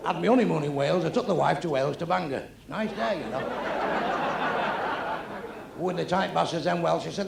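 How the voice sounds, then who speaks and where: A man's voice: fairly high pitch, fairly quick, gravelly, long pauses. A middle-aged man doing blunt, crude stand-up comedy on a club stage. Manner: blunt, crude, deadpan delivery. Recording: echoey club with crowd noise.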